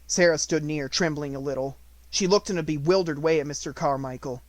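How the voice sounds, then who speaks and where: A man reading an unabridged audiobook in measured storytelling narration. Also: fairly high pitch, darkish tone, no echo.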